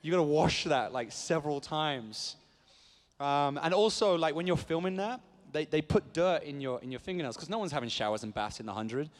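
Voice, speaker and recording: A man's voice: on the high side, normal speed. Playful British man in an echoey hall. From Britain. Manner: playful, rambling, cheeky. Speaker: actor guest at a fan convention panel. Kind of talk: joking panel talk to a crowd. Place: convention hall stage.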